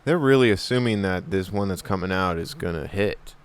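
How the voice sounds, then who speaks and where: A man's voice: deep voice, animated, brisk, smooth. A man co-hosting a comedy podcast, chatting casually and jokily, often restarting his sentences as he rambles. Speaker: podcast co-host.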